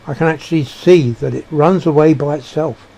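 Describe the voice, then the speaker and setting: A man giving a reflective monologue, halting and searching for words with frequent restarts. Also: a little high, creaky, warm tone. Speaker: speaker sharing personal beliefs.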